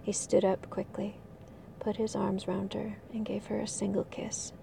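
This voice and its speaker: A woman softly whispering a passage from a book, in a hushed, breathy way. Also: medium pitch, little pitch movement, moderate pace, recorded from a distance, background noise. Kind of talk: whispered reading aloud.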